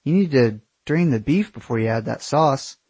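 A man's voice: mid-range voice, lively intonation, normal speed, a little mellow, husky, no echo. A man voicing a blunt young traveler. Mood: insistent. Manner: insistent, swears casually.

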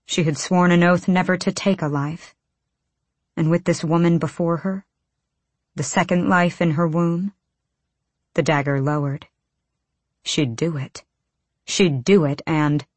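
Female audiobook narrator, low voice, intense and measured reading. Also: dry recording.

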